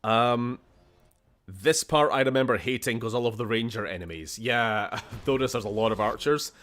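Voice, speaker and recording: A man's voice: medium pitch, normal speed, fairly bright tone. A man with a Scottish accent chatting casually and swearing while streaming a game. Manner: chatty, swears, laughs often, shifts tone a lot. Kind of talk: casual gameplay commentary.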